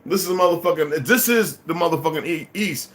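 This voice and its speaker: A man's voice: fairly high pitch, a little fast, a bit bright. A man in his fifties delivering a heated, profane, unscripted monologue as a vlogger.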